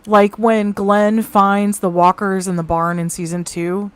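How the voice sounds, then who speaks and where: A woman co-hosting a live show over a home mic, chatting casually and reading out viewer comments with quick asides. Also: mid-range voice, little pitch movement, clean tone, no echo. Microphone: home mic on a video call.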